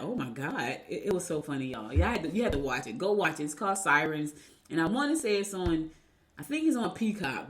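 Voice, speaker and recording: A woman's voice: fairly low pitch, slight background noise. A woman radio host reading daily horoscopes and chatting casually, rambling and laughing as she tells stories. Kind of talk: casual chat.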